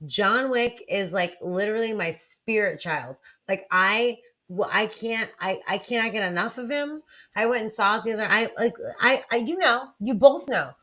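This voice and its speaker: A young woman gushes excitedly on a casual chat show. She stammers, restarts and swears as she rushes to get her point across. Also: medium pitch. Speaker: co-host.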